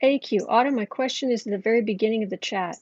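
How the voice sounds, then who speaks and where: A woman's voice: a little high, darkish tone, no room sound. Chatty woman hosting a tarot livestream. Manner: chatty, answers viewers' chat, halting with fillers. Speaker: tarot reader and livestream host. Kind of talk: casual livestream psychic reading. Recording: dull lo-fi stream audio.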